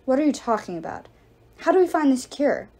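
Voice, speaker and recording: A woman's voice: sits high, big pitch swings, a little fast, dark tone. Woman voicing a blunt teen boy, grim, dry, storybook reading. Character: blunt stocky teenage boy.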